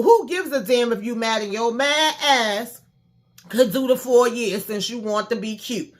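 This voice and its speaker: A woman with a fairly high voice holds forth in a casual recap, blunt and fed up, peppering her talk with swearing. She speaks straight to her audience as a regular host of her own channel. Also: measured pace. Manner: blunt, profane, exasperated ranting; addresses viewers directly. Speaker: show recap vlogger. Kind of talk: casual review and recap rant.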